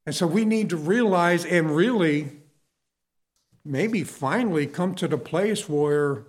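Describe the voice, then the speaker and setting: Middle-aged male preacher, storytelling sermon, slow delivery, slightly high voice, asks the congregation questions.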